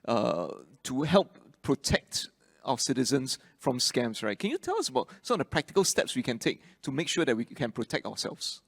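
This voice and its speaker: A man's voice: mid-range voice, sing-song, gravelly, no echo. Upbeat male panel moderator. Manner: upbeat, quick handovers and questions.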